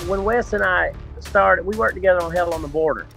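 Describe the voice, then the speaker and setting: A man with a rural Georgia Southern drawl chats on a video call from his front porch, relaxed and folksy, laughing easily. His voice sits a bit higher than most men's, with faint music underneath. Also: brisk, vocal fry. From rural South Georgia, USA. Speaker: actor guest. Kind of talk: casual interview.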